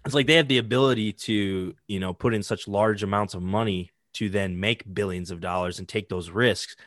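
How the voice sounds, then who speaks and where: A man's voice: on the low side, normal speed, fairly bright tone, dry recording. A man in casual chat talks. He rambles loosely, leaning on "like" and the odd curse word. The recording is dry and close, with almost no room sound. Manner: rambling, heavy use of "like", swearing.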